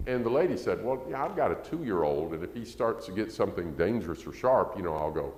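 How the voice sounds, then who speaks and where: A man's voice: lowish voice, animated, fast, hardly any pauses. A man preaching a conversational sermon, acting out quotes and rising to emphasis. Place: church sanctuary. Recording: echoey church hall.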